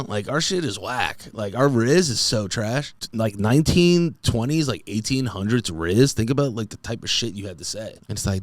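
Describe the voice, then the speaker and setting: A thirty-something man hosts a comedy podcast, speaking in a lowish, very animated voice at a normal pace with no echo. He rambles goofily through a solo monologue and drops "dude" often.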